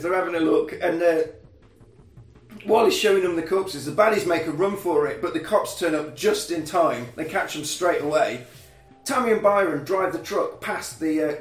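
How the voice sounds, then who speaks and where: A man's voice: on the high side, reverberant, far from the mic. A man casually retelling a film's plot in long, chatty runs as a podcast co-host. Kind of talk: casual film recap chat.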